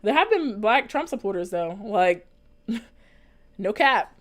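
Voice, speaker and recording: A woman's voice: medium pitch, sing-song, slow pace. A young woman talking casually and earnestly to her viewers as a vlogger, rambling with lots of fillers and restarts. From United States. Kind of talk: casual chat, reading and answering live comments.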